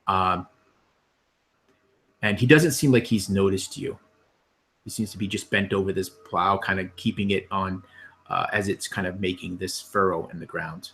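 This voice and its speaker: Low-voiced man running a tabletop game. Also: moderate pace, long pauses. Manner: relaxed, descriptive, meandering. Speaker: game master.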